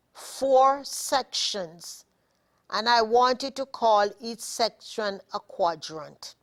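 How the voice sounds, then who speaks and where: A woman with a Jamaican accent hosting a studio talk show, slowly and deliberately coaching viewers through a self-help exercise. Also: fairly high pitch, a bit bright. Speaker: show host. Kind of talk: motivational talk show monologue.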